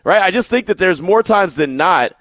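A man hosting a sports radio talk show, telling stories in an animated way and often repeating words as he goes. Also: high voice, normal speed, no echo.

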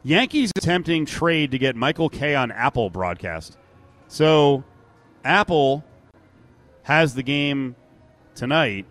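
A man's voice: on the high side, sing-song, slow, pauses often, fairly bright tone, faint music behind. A man co-hosting a sports talk show in casual chat, laughing and acting out quotes.

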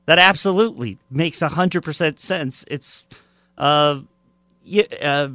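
A man co-hosting a casual sports podcast, rambling with restarts and quick reactions. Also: fairly high pitch, pushed and bright, no room sound. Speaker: podcast co-host.

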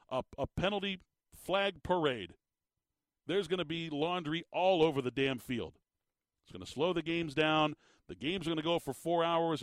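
A man hosting sports talk radio, animated and emphatic, often repeating his words as he gets worked up. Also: on the high side, dry recording. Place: radio studio. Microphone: studio microphone.

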